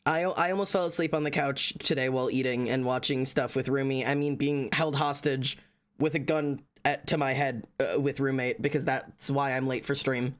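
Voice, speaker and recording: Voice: mid-range voice, steady tone, normal speed. A tired streamer, chatting casually on a live stream, rambling, joking and swearing a lot. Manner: profane, rambling, jokey.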